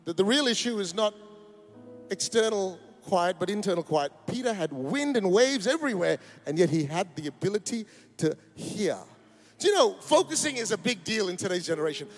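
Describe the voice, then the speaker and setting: A man's voice: high voice, animated, brisk. A man, preaching a sermon in a church, emphatic and rousing with joking asides. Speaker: pastor. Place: church auditorium.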